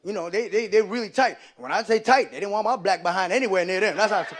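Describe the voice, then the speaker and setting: A man doing live stand-up comedy, telling animated stories and slipping into loud character voices. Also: sits high, fast.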